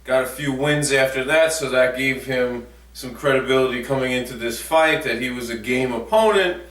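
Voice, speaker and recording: A man's voice: mid-range voice, normal speed, a bit bright. A man giving a chatty, jokey recap of a boxing match as a vlogger. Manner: chatty and jokey, with many fillers. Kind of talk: casual sports recap. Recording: echoey room, mic at a distance.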